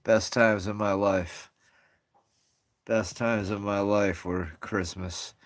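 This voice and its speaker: A man's voice: lowish voice, fairly even intonation, takes it slowly. A man hosting a casual live stream from home on his phone, rambling and greeting viewers as they join. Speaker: livestream host.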